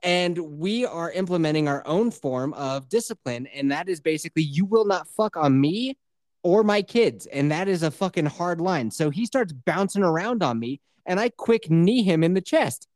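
A man's voice: a little high, animated, normal speed, few pauses, a little mellow, no echo, studio quality. A man in his thirties co-hosting a podcast, telling a crude story with lots of swearing and laughter, acting out other people's voices. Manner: profane, laughs often, acts out voices. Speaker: podcast co-host.

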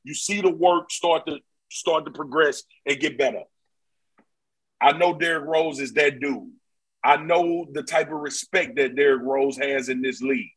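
A man with a husky voice that sits a bit high talks basketball on a podcast. He speaks in a loose, slangy, emphatic way, and he drives his points home by repeating them. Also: fairly even intonation, normal speed, fairly bright tone, poor audio. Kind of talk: casual sports chat.

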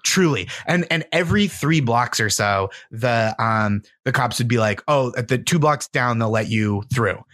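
A man's voice: mid-range voice, normal speed, hardly any pauses, dry recording, studio quality. A man, a comedian, telling a story in casual podcast chat and acting out the people in it. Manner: animated storyteller, acts out shouted quotes. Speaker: comedian guest.

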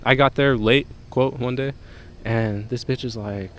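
A man's voice: medium pitch, steady tone, measured pace, slight background noise. A young man from Jamaica, a podcast guest, telling a rambling, profane story in casual chat.

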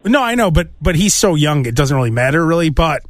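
A man's voice: fairly high pitch, very animated, fairly quick, no echo. A man co-hosting a talk show, chatting casually and teasing his partner. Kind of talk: casual chat.

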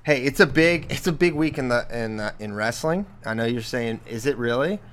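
A man's voice: mid-range voice, expressive, normal speed, a bit bright. A man co-hosting a casual wrestling talk show, telling a story with a laugh and acting out the lines he quotes. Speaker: podcast co-host. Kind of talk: casual chat.

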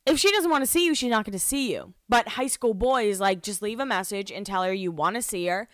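A young woman hosts a podcast recapping a reality show, chatty and giggly and leaning heavily on "like" as a filler. Her medium-pitched, slightly bright voice moves a bit fast with lively intonation, captured in clean studio quality with no room sound.

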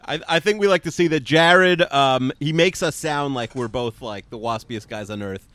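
A man co-hosting a podcast in casual chat, dry and teasing, trailing off low. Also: moderate pace, a bit bright, smooth, no room sound. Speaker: podcast co-host.

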